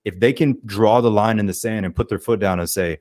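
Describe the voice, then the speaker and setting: A man's voice: lowish voice, a little fast, no room sound, studio quality. A man, a guest on a podcast talking casually and energetically, often acting out what people say. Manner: energetic, acts out quoted speech. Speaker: podcast guest, life coach. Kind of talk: casual interview chat.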